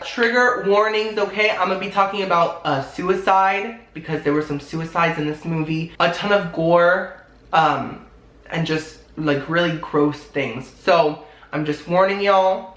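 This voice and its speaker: A woman's voice: on the low side, fairly bright tone, echoey room, poor audio. A woman giving a casual, chatty movie review, often laughing and exclaiming.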